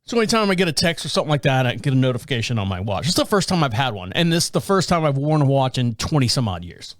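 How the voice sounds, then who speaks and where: A man's voice: mid-range voice, very fast, dry recording, clean studio sound. A man hosting a podcast, telling a casual story, laughing often and acting out the voices of the people in it. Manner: animated, laughs often, acts out quoted voices. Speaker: podcast host.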